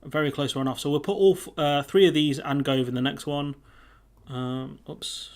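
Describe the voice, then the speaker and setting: A man's voice: fairly high pitch, fairly even intonation, moderate pace, a little mellow. Man chatting on a live stream. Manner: chatty, reads viewer comments aloud, runs polls. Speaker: livestream host. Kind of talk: casual live-stream chat.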